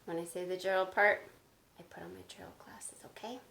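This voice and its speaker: A woman teacher speaking gently to children in a video lesson, recorded on a phone. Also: on the low side, fairly even intonation, creaky. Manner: slow, gentle, explaining to kids. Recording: phone video with faint noise.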